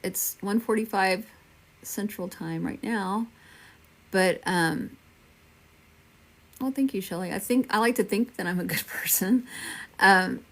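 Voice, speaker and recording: A woman from Texas, in her fifties, hosts a casual medium livestream and reassures viewers by name as she answers their comments. She talks at a measured pace with long pauses, her mid-range voice fairly bright.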